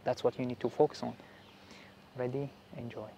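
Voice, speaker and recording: Halting male spiritual vlogger. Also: mid-range voice, flat delivery, vocal fry, dark tone, a little hiss or hum. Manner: halting, repeats words while searching for phrasing. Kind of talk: casual explanatory vlog talk.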